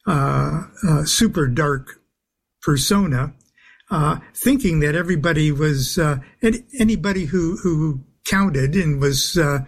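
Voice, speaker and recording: Slow, husky-voiced male guest on talk radio, halting delivery. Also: on the high side. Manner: halting, many filler sounds, soft chuckles. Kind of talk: phone-in talk radio interview.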